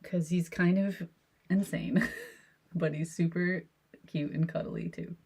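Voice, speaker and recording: A woman's voice: fairly low pitch, fairly even intonation, slow, vocal fry, darkish tone, breathy edge. A woman who hosts an art channel, chatting casually and laughing often as she sketches in her home office. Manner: giggly, rambling, with frequent laughs. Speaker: artist and video host. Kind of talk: casual chat while sketching.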